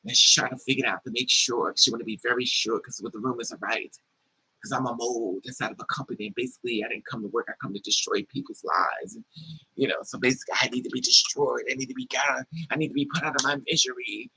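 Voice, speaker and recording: A man's voice: mid-range voice, husky, poor audio. A man telling a personal story in a casual vlog, animatedly acting out other people's quoted lines and swearing freely. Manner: animated retelling that acts out quoted dialogue. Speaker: vlogger.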